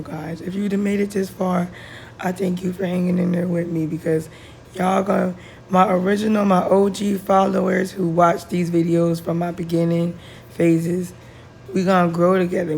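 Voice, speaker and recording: Hoarse raspy woman, deep gravelly voice. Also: darkish tone, a little hiss or hum. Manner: casual, chatty, slangy. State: hoarse, losing her voice. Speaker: cooking vlogger. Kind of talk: cooking voice-over. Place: home kitchen, voice-over.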